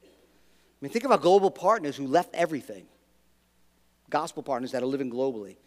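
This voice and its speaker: A man's voice: mid-range voice, expressive, fairly quick, darkish tone, in a large hall. A man preaching a sermon as pastor, emphatic, asking the congregation questions and repeating words for weight.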